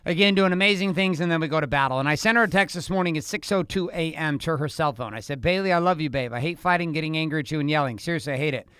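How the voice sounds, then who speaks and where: A middle-aged man co-hosting a couples show, talking straight to the men in his audience like a coach. His voice is bright and forceful with a smooth, crisp clarity, a touch higher than most men, recorded close and dry. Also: very fast, few pauses, no echo. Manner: direct, coaching tone addressing men. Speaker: podcast co-host. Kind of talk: casual couples podcast chat.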